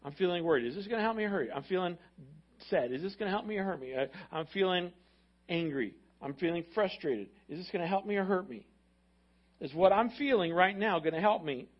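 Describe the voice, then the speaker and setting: Energetic man preaching, high voice, slightly muffled recording. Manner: energetic, repetitive, acts out quotes. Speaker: pastor. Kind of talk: sermon.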